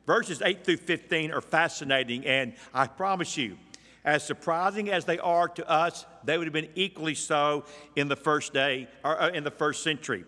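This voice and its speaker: Bright-voiced man preaching in a reverberant hall. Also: fairly high pitch. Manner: emphatic verse-by-verse teaching with rhetorical questions. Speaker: pastor. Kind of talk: sermon.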